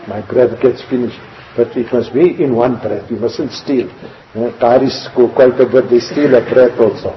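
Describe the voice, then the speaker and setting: A man's voice: medium pitch, slight background noise. A man giving religious instruction, explaining step by step and chanting example phrases aloud. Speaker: religious teacher. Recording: dull lo-fi recording.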